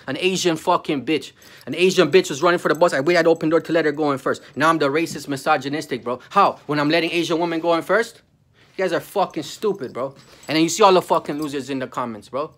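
A man's voice: fairly high pitch, fairly bright tone. Angry ranting man. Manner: heated, profane, repeats 'bro'. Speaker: vlogger. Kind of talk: angry profane rant to camera.

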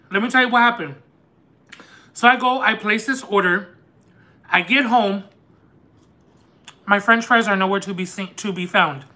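A man hosting a live eating stream, telling a story in an animated, chatty, lightly sarcastic way. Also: high voice. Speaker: mukbang host. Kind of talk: casual storytelling while eating on a livestream.

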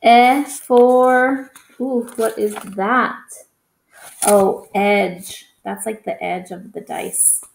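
A woman's voice: on the high side, fairly even intonation, very slow, gravelly, echoey room. A woman teaching a phonics lesson to young children, patient and encouraging, stretching out each vowel sound.

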